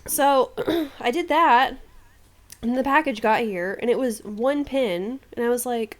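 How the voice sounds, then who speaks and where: High-voiced, animated American woman. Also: unhurried. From United States. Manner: animated, teasing storyteller who laughs a lot. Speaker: podcast co-host. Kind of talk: casual podcast chat.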